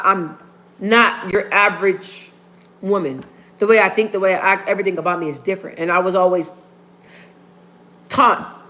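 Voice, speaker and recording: A woman's voice: mid-range voice, fairly bright tone. A woman hosting a casual livestream, talking straight to her viewers and repeating phrases for emphasis. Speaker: livestream host. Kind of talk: casual live-stream chat.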